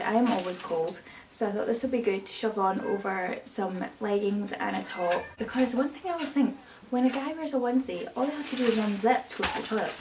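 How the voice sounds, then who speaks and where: A young woman chatting casually as she shows off her shopping, rambling and opinionated. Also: a little high. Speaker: vlogger. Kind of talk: casual haul chat. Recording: distant mic, noisy room.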